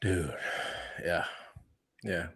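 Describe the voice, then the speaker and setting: A man's voice: low-pitched, extremely slow, gravelly, husky. A man in his thirties co-hosting a podcast, casual and laid-back, swearing often and laughing a lot. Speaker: podcast co-host. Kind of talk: casual chat.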